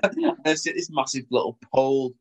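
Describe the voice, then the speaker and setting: A man's voice: medium pitch, animated. A man co-hosting a podcast, telling a funny story in casual chat, often laughing as he talks. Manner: laughing storyteller, quick bursts. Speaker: podcast co-host.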